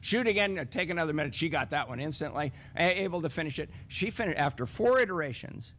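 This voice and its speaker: Animated man telling a classroom story. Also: fast, slight background noise. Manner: animated, acts out classroom dialogue with raised pitch. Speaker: math professor on a teaching panel. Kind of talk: storytelling panel talk.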